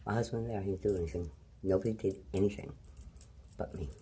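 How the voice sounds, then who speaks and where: A middle-aged woman vlogging, telling rambling personal stories in a blunt, profane manner that swings between loud and hushed. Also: extremely low pitch, quick pace, breathy edge.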